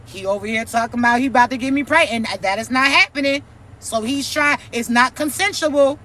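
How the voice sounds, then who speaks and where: A woman's voice: fairly high pitch, fairly quick, bright, forceful tone. A woman giving a profane, preachy, mocking vlog rant as a spiritual content creator.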